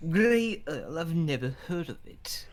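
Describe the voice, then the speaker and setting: A man voicing a prim, fussy British gentleman with a put-on posh British accent, in improvised comedic role-play on a stream. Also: a little high, sing-song. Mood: pompous. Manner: pompous, slow and savoring.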